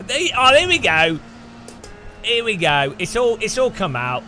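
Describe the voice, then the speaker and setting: A man's voice: sits high, big pitch swings, drawn-out words, long pauses, bright, forceful tone, a little hiss or hum. A British man streaming a racing game, chatting and joking with his viewers. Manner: joking, teasing chat. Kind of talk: casual gaming commentary. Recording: music playing under voice.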